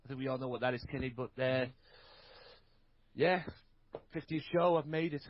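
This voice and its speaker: A man as a podcast guest, talking in a relaxed, plain way over a distant, muffled online call. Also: mid-range voice, normal speed, a little hiss or hum.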